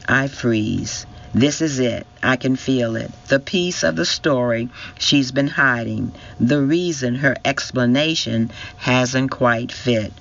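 Male narrator, slow and intense first-person storytelling, muffled lo-fi recording. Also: mid-range voice, creaky, fairly bright tone. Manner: emotional, intense reading. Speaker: audiobook narrator.

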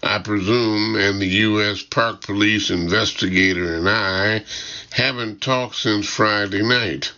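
A man narrates a first-person audiobook in a slow, measured, wry manner. His voice is lowish with a bright, crisp edge. The recording sounds muffled and lo-fi. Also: fairly even intonation.

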